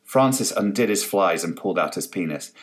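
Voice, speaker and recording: A man's voice: deep voice, brisk. A man narrating a comic story aloud with expression. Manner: expressive, reads with many voices. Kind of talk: storybook reading.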